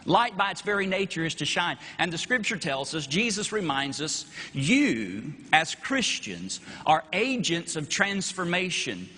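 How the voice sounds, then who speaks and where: A man's voice: fairly high pitch, very animated, a little slow, hardly any pauses, pushed and bright. A middle-aged Texan man preaching a sermon from the pulpit, rhetorical and emphatic, his voice rising and falling for emphasis. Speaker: pastor. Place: chapel. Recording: long hall reverb in a chapel.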